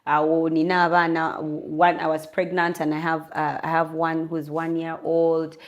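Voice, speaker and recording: A young Ugandan woman, an interview guest, telling a candid personal story in an earnest, lively way. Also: low-pitched, normal speed, lo-fi sound. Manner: switches between English and Luganda, lively and earnest.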